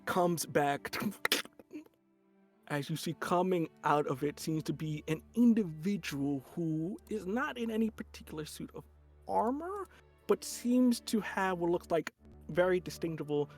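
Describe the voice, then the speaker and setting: A man's voice: on the high side, expressive, unhurried, darkish tone, soft background music. A man running a tabletop game as game master, narrating in a casual, rambling way.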